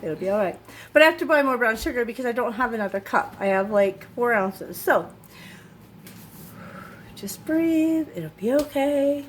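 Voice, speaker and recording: A woman's voice: fairly high pitch, a little fast, slight background noise. A woman chatting casually in her home kitchen while cooking, thinking aloud and getting easily exasperated. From Utah. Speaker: cooking vlogger.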